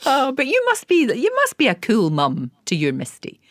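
A woman's voice: high voice, wildly swooping pitch, normal speed. A woman hosting a chat show, reacting enthusiastically to her guest. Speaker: talk show host.

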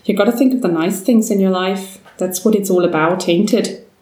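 A woman's voice: medium pitch, normal speed, mellow, lightly acted. Woman doing a slangy little sewer rat. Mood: cheeky. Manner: slangy, calls people mate. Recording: roomy, distant mic.

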